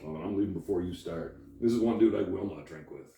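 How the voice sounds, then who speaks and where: A man's voice: sits low, fast talker, gravelly, mellow. A man as a guest in a casual chat, blunt and brash with his jokes. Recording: echoey room, distant mic.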